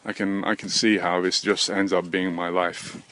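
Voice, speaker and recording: A man's voice: deep voice, level tone, moderate pace, fairly bright tone. Rambling, swearing man outdoors. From England. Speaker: vlogger. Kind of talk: rambling walk-and-talk monologue. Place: outdoors, walking by a road in the wind. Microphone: handheld camera while walking. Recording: wind noise outdoors. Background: wind and passing traffic.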